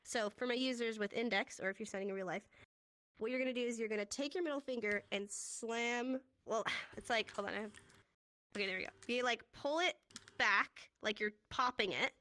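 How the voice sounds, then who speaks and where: A woman's voice: a little high, sharp tone, dry recording. A woman teaching a casual sign language class in a virtual classroom, upbeat and chatty, laughing often as she walks learners through hand motions.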